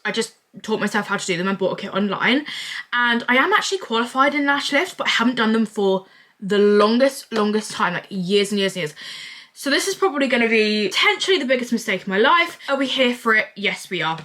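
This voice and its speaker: A woman's voice: on the high side, expressive, a little fast, pushed and bright. A young woman, chatting casually in a rambling vlog Q&A and drifting off topic. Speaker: vlogger.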